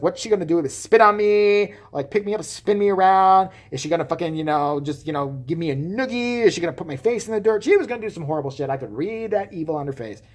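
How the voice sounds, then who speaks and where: Man vlogger, lively sing-song delivery, profane, blunt and joking, acts out his quotes. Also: high-pitched. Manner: acts out quoted voices while telling. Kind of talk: casual storytelling.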